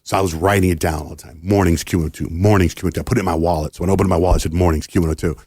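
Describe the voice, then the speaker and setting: Racing along in a low, breathy-edged voice, a middle-aged radio host from the United States tells a long story on a podcast interview. He's a lively storyteller who performs the quoted dialogue of the people involved, captured in clean studio sound without echo.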